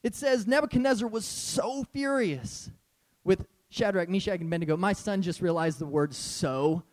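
A man preaching a sermon as a pastor, animated and conversational, often breaking into laughs. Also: sits high, normal speed.

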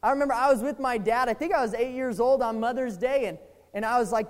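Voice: mid-range voice, fast talker, long reverb tail. A preacher giving a sermon in a casual, conversational way, often asking the listeners "right?" and acting out the inner voices of the people being quoted.

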